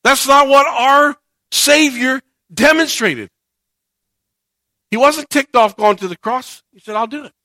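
A man's voice: extremely high pitch, slow pace, pauses often, bright, forceful tone, dry recording, clean studio sound. A man preaching a sermon in a conversational way, rising to emphatic points and acting out the quoted voices of churchgoers. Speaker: pastor.

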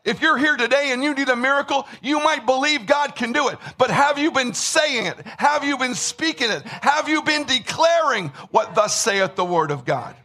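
A man preaching a sermon with emphasis, repeating words and rising to shouts. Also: very high-pitched, lively intonation, normal speed, hardly any pauses. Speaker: pastor.

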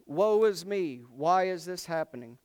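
A preacher putting on whining, accusing Israelites. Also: male voice, animated, unhurried, darkish tone, dry recording, clean studio sound. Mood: whining accusation. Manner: complaining, accusing, high-pitched outcry. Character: whining frightened Israelite complainers, adult crowd.

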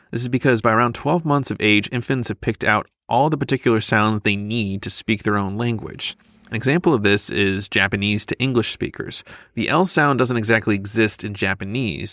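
A man co-hosting a casual educational podcast, explaining things in a playful, easygoing way with quick asides. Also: on the low side, a bit bright, dry recording, clean studio sound. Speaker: podcast co-host. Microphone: studio microphone.

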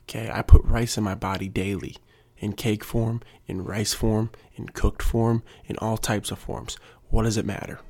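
A man's voice: fairly low pitch, flat delivery, moderate pace, creaky, darkish tone, husky. A young adult man, a PE teacher, rambling in a casual, jokey monologue and working himself up. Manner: jokey, self-mocking, gets worked up.

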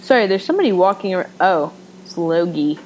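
A woman's voice: fairly low pitch, lively intonation, brisk, darkish tone, low-quality recording. Young female co-host, gushing and playful, casual chat, faint room noise. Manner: enthusiastic, gushing, jokey. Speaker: podcast co-host.

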